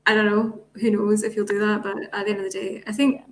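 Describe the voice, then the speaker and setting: A woman hosting a casual chat as relationship coach, measured and affirming as she steers the talk. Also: mid-range voice, flat delivery, a little hiss or hum.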